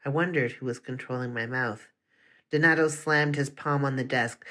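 A narrator reading a first-person story aloud in a steady, measured way. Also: medium pitch.

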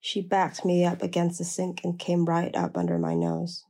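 A woman's voice: lowish voice, sing-song, normal speed, vocal fry, mellow, breathy edge. A woman narrating a first-person memoir in a blunt, plain-spoken way.

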